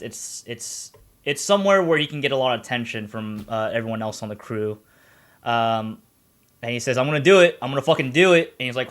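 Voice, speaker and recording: A man's voice: mid-range voice, bright, forceful tone. A man casually retelling a story on a stream, rambling with lots of fillers, restarts and swearing.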